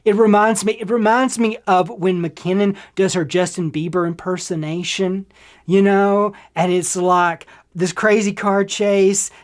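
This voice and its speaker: A woman hosting a podcast, giving a casual, profane film review, emphatic and repeating her lines for effect. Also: on the low side.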